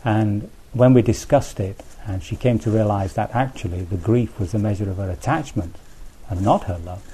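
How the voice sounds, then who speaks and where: Low mellow guy giving a buddhist talk, chatty, restarts a lot, bit of hiss behind. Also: moderate pace, slightly rough. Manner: conversational, thinks aloud with restarts and asides. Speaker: Buddhist teacher. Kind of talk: dharma talk.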